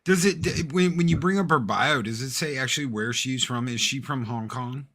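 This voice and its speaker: A man's voice: mid-range voice, a bit bright. A man joining a reaction stream as a guest, chatting casually and agreeing with the host. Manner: chatty, agreeable, quick to laugh along. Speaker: guest commentator.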